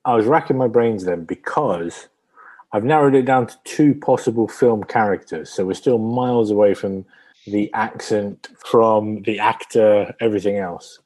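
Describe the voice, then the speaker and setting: Podcast co-host, deep mellow husky voice, wisecracking. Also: male voice, low-quality recording. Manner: jokey, self-deprecating. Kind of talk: casual chat.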